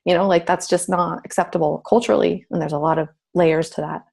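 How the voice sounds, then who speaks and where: A woman's voice: fairly low pitch, fairly even intonation, brisk, darkish tone. A middle-aged woman telling a personal story in casual talk, acting out her own inner voice. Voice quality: gravelly, husky. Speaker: guest.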